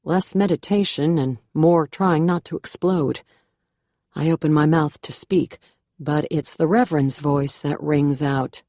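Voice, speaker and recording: A woman narrating a first-person thriller audiobook in a measured, wry manner on a close mic. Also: deep voice, fairly even intonation, mellow, no echo.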